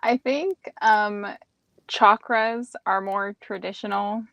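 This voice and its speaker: A woman with a medium-pitched voice speaks as a guest teacher. She explains things gently and steadily and laughs often. Her voice sounds dry and close, with no room echo. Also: steady tone, takes it slowly, creaky, dull audio. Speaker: guest, crystal and chakra teacher. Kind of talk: casual chat and explanation.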